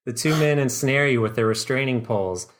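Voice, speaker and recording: Sex: man. Style: deadpan comic storyteller. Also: medium pitch, fairly quick. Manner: dry, deadpan reading that breaks into laughs. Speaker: podcast host and storyteller. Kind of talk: second-person comedic story narration.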